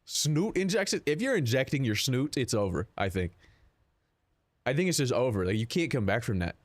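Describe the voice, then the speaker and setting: A man's voice: medium pitch, big pitch swings, normal speed, dry recording. A young man streaming live, chatting casually with his viewers in a rambling, profane, joking way. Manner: rambling, profane, jokey, answers chat.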